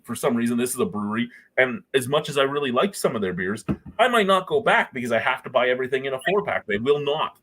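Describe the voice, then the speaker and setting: A man holds forth in a casual beer chat, swearing freely and ranting with exasperation. His husky voice swings widely up and down as he talks. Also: mid-range voice, a bit bright. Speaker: guest.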